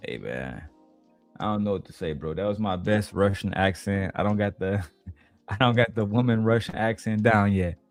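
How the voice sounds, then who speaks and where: A man's voice: on the low side, steady tone, normal speed, no room sound, faint music behind. A man hosting a casual reaction commentary, profane and mocking, laughing often. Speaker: commentary host.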